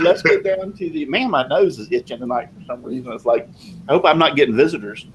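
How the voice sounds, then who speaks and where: A man's voice: mid-range voice, quick pace, a bit bright, slight background noise, low-quality recording. A man raised in the South, hosting a casual live video chat, rambling with lots of fillers. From American South. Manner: rambling, chatty, many fillers. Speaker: live show host.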